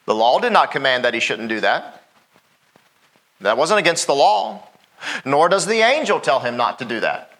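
A man's voice: mid-range voice, very animated, moderate pace, pauses often, a bit bright. A middle-aged man, a pastor preaching a sermon in a folksy way, often asking the congregation "Amen?".

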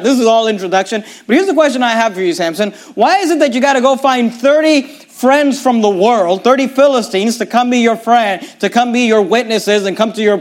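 A man with a high-pitched voice preaches a sermon. He talks emphatically, reads scripture verses aloud and pushes his listeners with rhetorical questions.

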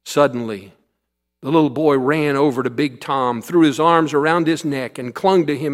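A male pastor tells a story in his sermon with an earnest, steady delivery. His voice sits a little higher than most men's. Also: moderate pace.

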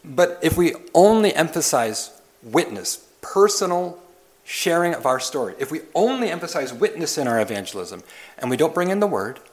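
A man's voice: fairly high pitch, very animated, moderate pace. A man preaching a sermon as pastor, pressing his listeners with questions and repeated lists. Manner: questioning, building emphasis through repetition.

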